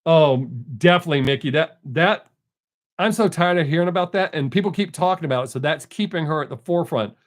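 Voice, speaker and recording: A man's voice: on the high side, fast talker. An older man hosting a live stream, in casual folksy chat, joking and greeting viewers from the chat by name.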